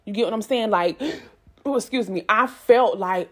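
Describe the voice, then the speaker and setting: A woman's voice: mid-range voice, unhurried. A woman, giving herself and her listeners an emphatic, repetitive pep talk in a casual vlog. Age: 20s. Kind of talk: motivational self-talk monologue.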